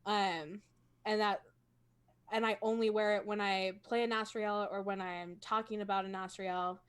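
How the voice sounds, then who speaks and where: A woman's voice: medium pitch, fairly even intonation, normal speed, a bit bright, clean tone. A woman talking casually as a role-playing game player on a video call, chatty and self-conscious, laughing often. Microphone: home streaming microphone.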